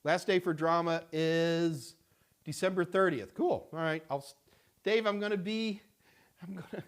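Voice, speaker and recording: A middle-aged man hosting a casual live-stream Q&A, talking in a rambling, halting way with many fillers and restarts. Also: on the high side. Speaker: host answering viewer questions.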